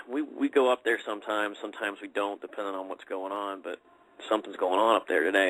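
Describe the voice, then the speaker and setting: A man's voice: lowish voice, steady tone, a little fast, fairly bright tone, rough recording. A man telling a personal story in a casual, rambling podcast chat, full of fillers and restarts. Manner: rambling, conversational, many fillers.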